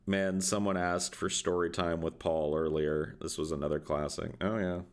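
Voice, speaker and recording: Deep-voiced male podcast co-host, crude, rambling storyteller. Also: flat delivery, moderate pace. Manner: profane, rambling, laughs often. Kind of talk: casual storytelling.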